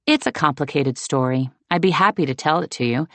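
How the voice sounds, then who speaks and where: A woman voicing a genial male watchman who speaks in a slow, easy, relaxed Californian way. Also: sits low, no echo.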